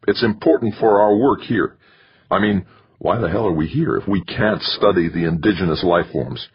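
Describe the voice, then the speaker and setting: An eager, insistent scientist pleading his case, as a man reads him. The voice is low and husky, and its pitch moves a lot. The recording is dull and lo-fi. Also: animated, moderate pace, no room sound, heavily acted. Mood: fervent. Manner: fervent, insistent.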